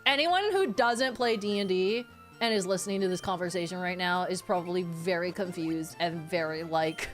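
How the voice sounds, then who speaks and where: A woman's voice: high-pitched, fairly bright tone. A woman streamer chatting casually with her viewers. She gets worked up easily, swears freely and often repeats her phrases.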